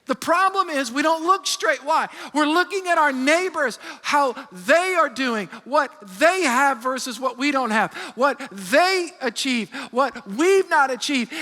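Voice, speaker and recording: A man in his fifties, a pastor preaching a sermon with call-and-response and animated storytelling. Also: extremely high pitch. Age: 50s. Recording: long reverb of a large hall.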